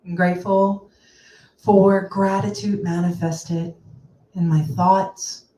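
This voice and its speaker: Slow, measured woman leading prayer. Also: lowish voice, level tone, mellow. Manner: slow, measured, pausing between phrases. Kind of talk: spoken affirmative prayer. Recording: roomy, distant mic.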